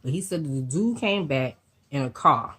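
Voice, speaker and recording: Husky low-voiced woman telling a story. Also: normal speed. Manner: animated, slangy storytelling with swearing; acts out the voices of people in the story. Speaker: vlogger. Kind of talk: storytime vlog.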